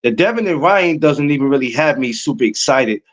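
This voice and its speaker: A young adult man, hosting a casual livestream podcast and talking to viewers in chat. He is excitable and repeats himself a lot. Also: mid-range voice, fairly quick. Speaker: podcast host.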